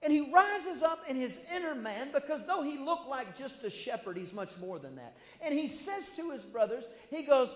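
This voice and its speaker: A man preaching a sermon as pastor, telling a story with animated delivery and acting out the characters' lines. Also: extremely high pitch, moderate pace. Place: church sanctuary. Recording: echoey church hall.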